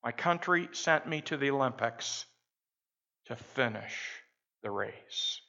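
A preacher voicing a proud, defiant Tanzanian male marathon runner in a heavy Tanzanian accent, speaking slowly and weightily. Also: mid-range voice, animated, creaky, bright, forceful tone, muffled recording, exaggerated voice. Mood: solemn defiance.

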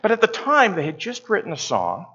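In a muffled lo-fi church recording, a middle-aged pastor from Canada shares a self-deprecating, conversational story mid-sermon. He speaks fairly quickly in a high, pushed, bright voice whose pitch swoops wildly.

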